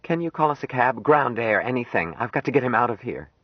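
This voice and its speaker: A man reading an audiobook, voicing an anxious, tender young woman in a lifted, soft, worried voice. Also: medium pitch, animated, fairly quick, no echo, voice pushed up, close to an everyday voice. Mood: urgent. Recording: dry, dull lo-fi audiobook recording.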